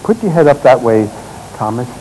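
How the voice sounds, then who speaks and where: A man leading a live therapy demonstration on a stage, giving gentle, directive instructions in short commands and explaining to the audience as he works. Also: mid-range voice, expressive, normal speed, slight background noise, rough recording. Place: stage at a congress.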